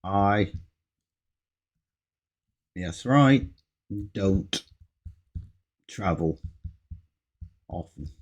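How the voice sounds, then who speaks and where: A man's voice: low voice, expressive, extremely slow, long pauses. A man teaching an English speaking lesson, patiently modelling example answers and stressing key words. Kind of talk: slow, patient ESL lesson.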